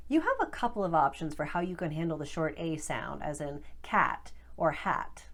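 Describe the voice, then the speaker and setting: A woman speech coach giving a scripted accent lesson, demonstrating sounds clearly and carefully. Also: lowish voice, darkish tone.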